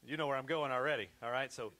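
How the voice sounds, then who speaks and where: Preaching in a conversational style, this male pastor talks at a quick pace with a mid-range voice. He often repeats himself, alternating loud, emphatic moments with quiet, hushed passages.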